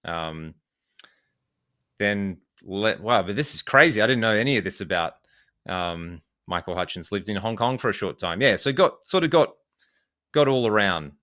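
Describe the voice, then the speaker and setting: A man's voice: lowish voice, expressive, normal speed, sharp tone. An Australian man from Western Australia, chatting casually as a podcast guest, rambling with lots of fillers and restarts. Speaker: podcast guest, guitar video creator. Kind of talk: casual chat.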